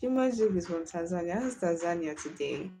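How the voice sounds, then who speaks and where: A woman's voice: fairly low pitch, a little fast, slight background noise. Nigerian woman with a Warri Pidgin accent. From Delta State, Nigeria. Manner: animated storytelling, switches into Pidgin. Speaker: livestream host. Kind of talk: casual livestream chat.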